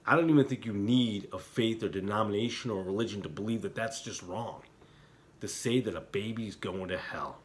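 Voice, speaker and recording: A middle-aged man talking as an internet preacher, heated and emotional in places, quiet and somber in others. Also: fairly low pitch, moderate pace, slight background noise. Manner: heated, talks with rising emotion and repeated apologies; quiet and somber when reflecting. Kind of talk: impassioned religious commentary.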